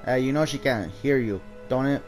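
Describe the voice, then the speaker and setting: A man's voice: medium pitch, moderate pace, darkish tone, close to an everyday voice. A man voicing a chatty, slangy little male fairy, teasing his friends in a game scene over music. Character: cheeky little male fairy with a lantern nose.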